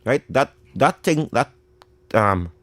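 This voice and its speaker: Lively, heated man co-host. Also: medium pitch, takes it slowly, no echo. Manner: gets heated, voice climbs in emphasis. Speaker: radio talk show co-host. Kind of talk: call-in radio talk.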